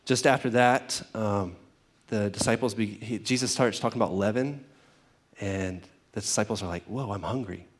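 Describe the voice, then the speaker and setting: A man's voice: on the low side, moderate pace. Guy preaching a sermon, chatty and informal, slips into funny everyday voices for the characters. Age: adult parent. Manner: conversational, acts out biblical characters in casual voices. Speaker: pastor.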